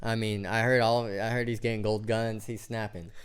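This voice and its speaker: A man co-hosting a casual podcast, telling stories in an animated way, swearing freely and acting out what people said. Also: fairly low pitch, moderate pace, clear, resonant tone. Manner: animated storyteller, swears freely, acts out quotes. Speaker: podcast co-host. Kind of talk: casual sports and gaming chat.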